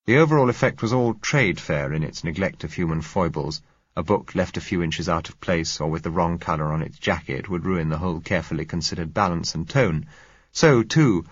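Deep, husky male audiobook narrator. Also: no echo, dull audio.

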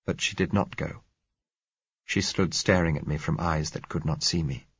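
A young man reading a story aloud in a measured, grave audiobook narration. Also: very deep voice, steady tone, a bit bright, husky, no room sound. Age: young adult. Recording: dull lo-fi dry recording.

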